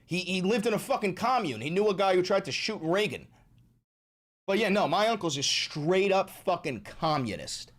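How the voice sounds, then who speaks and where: A man's voice: high voice, sing-song, normal speed. A man livestreaming, chatting casually with his chat and swearing often, with emphatic repeats. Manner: profane, emphatic, repeats himself.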